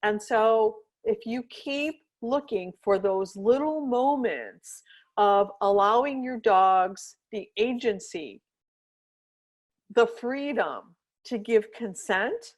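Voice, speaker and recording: A woman's voice: a little high, lively intonation, slow pace. A woman hosting a podcast as a dog trainer, talking in a casual, chatty way and often checking in with "right?" while she patiently walks through examples. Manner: chatty, checks in often with "right?" and "you know what I mean?"; earnest, explains patiently with step-by-step examples.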